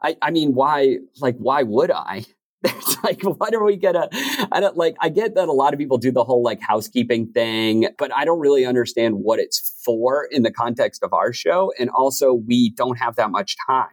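A man's voice: medium pitch, moderate pace, no echo. A man talking casually and reflectively in an interview, with many "like"s. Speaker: podcast host and narrator. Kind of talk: interview conversation.

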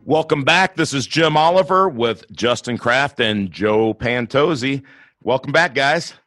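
A man hosting a podcast, talking in a friendly, rambling way with quick asides. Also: mid-range voice, lively intonation, fairly bright tone, dry recording, soft background music. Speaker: podcast host. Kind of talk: casual podcast chat.

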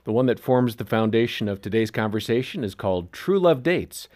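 A man co-hosting a radio show who reads the guest introduction in a smooth announcer manner. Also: lowish voice, animated, fairly quick, a little mellow. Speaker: co-host and announcer.

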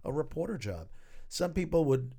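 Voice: medium pitch, big pitch swings, normal speed, dark tone. A podcast host chatting casually, telling stories and affirming the guest.

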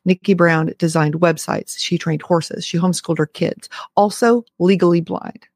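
Gravelly-voiced enthusiastic woman vlogger. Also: lowish voice, fairly even intonation, moderate pace, darkish tone, no echo, studio quality. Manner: enthusiastic, emphatic, conversational. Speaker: motivational vlogger. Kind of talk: motivational talk to camera.

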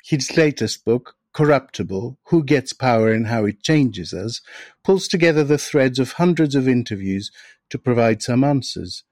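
A man hosting a podcast interview, reading a measured, reflective introduction and then asking articulate questions. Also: mid-range voice, animated, a little mellow, no echo, studio quality. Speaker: podcast host.

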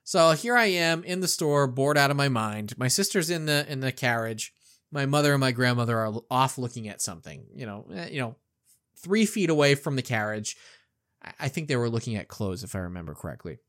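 Animated male podcast storyteller. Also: medium pitch, a little fast. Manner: animated, acts out the quotes. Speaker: podcast co-host. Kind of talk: casual storytelling.

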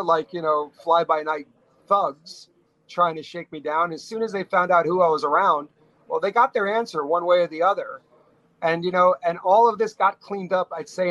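A middle-aged man from New York, a restaurateur telling stories as a podcast guest, talking in quick bursts with frequent restarts. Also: high voice, no echo, dull audio. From New York, USA. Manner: animated storyteller, talks fast in bursts with frequent restarts. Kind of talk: casual storytelling interview.

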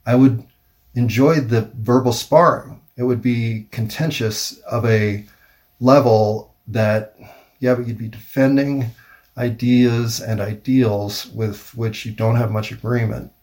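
A man rambling through a wry, self-mocking solo monologue, thinking aloud with pauses. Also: medium pitch, fairly even intonation, a little mellow. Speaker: vlogger.

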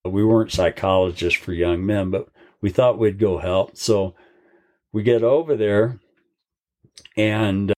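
Give me an older man with a low voice spinning a folksy story about horses. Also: steady tone, measured pace, long pauses, warm tone. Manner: folksy, long-winded storyteller. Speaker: horse trainer. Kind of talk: storytelling in an interview.

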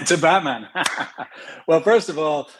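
Speaking slowly in a voice on the high side, a middle-aged actor from Ireland chats casually as an interview guest, laughs easily, and uses examples to explain things. His Irish accent carries a slight mix of London and American. There's background noise in the recording.

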